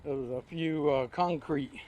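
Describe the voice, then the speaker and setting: Older man, slightly high voice, folksy storyteller, rambling, talking outdoors on a ride. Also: normal speed, darkish tone, lo-fi sound, slight background noise. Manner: folksy, rambling anecdotes with homespun grammar. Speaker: vlogger. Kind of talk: casual storytelling while riding. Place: outdoors on a recumbent trike ride.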